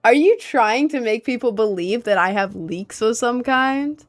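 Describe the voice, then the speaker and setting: A woman's voice: fairly high pitch, measured pace, soft background music. A young woman streaming live, rambling casually and answering her chat.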